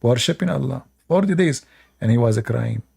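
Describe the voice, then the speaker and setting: A man's voice: medium pitch, animated, normal speed, gravelly, a little mellow, breathy edge. A man giving sarcastic commentary while reading religious stories aloud, often laughing at them. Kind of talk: mocking commentary on religious texts.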